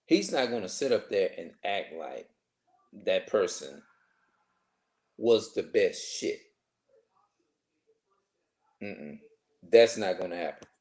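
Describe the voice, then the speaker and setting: Deep voiced guy in his forties rambling to the camera, keeps restarting sentences. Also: a little mellow. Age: 40s. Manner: halting, many restarts and filler phrases. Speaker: vlogger. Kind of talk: rambling personal monologue.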